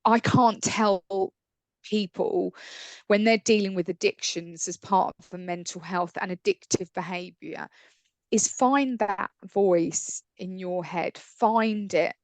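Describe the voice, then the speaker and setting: A woman appears as a podcast guest, earnestly sharing her personal story and voicing the inner dialogue in her head. She speaks slowly at a medium pitch, and the recording has no room sound.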